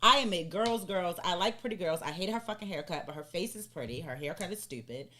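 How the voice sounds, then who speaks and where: A woman's voice: fairly low pitch, brisk. Blunt, profane woman podcaster. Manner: blunt, profane, animated storytelling. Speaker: podcast co-host. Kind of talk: casual podcast chat.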